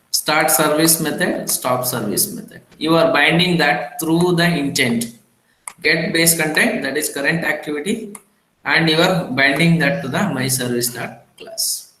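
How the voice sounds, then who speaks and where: Slow, halting male lecturer in an echoey room. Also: a little high, pushed and bright. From India. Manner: halting, many fillers and restarts. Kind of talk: recorded revision lecture.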